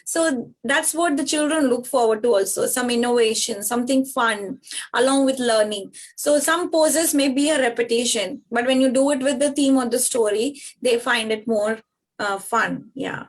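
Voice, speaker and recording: Earnest, higher-pitched woman explaining. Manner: earnest and explanatory, with frequent pauses and "uh". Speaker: yoga teacher and studio founder. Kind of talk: interview answers.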